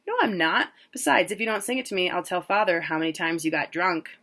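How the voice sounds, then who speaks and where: A woman's voice: lowish voice, fairly quick, pushed and bright. A woman voicing a stubborn young farm boy who scolds and nags his older brother. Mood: nagging.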